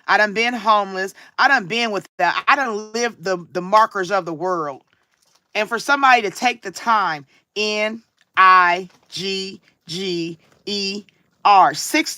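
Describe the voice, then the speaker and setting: A woman's voice: medium pitch, bright, forceful tone, no room sound. A woman, talking casually and sarcastically to her livestream viewers, with a preacher-like cadence. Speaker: livestream tarot reader.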